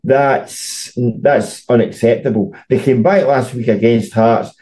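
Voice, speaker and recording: A man's voice: medium pitch, steady tone, takes it slowly, dark tone, rough recording. Scottish man telling football stories. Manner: storytelling, repeats words when starting sentences. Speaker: football journalist, podcast co-host. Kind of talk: casual football chat.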